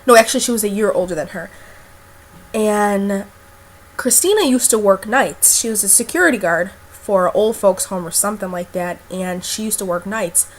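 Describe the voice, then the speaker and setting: This is a young woman telling a story straight to her viewers in a loose, rambling way. She is blunt and swears freely, piling on fillers as she goes, and her voice sits at an ordinary pitch for a woman. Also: normal speed. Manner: chatty, blunt and profane, with lots of fillers. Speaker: vlogger. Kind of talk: casual storytelling to camera.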